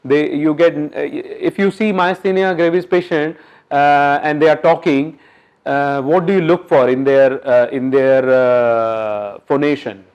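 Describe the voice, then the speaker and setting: A man giving an interactive medical lecture at a workshop, quizzing the audience in a coaxing, brisk way. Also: on the high side, steady tone, clear, resonant tone, highs cut off.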